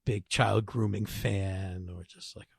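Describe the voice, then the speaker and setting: A man's voice: lowish voice, steady tone, takes it slowly, gravelly, husky, dry recording. A man in his thirties co-hosting a podcast, riffing through rambling, jokey casual chat. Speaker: podcast co-host.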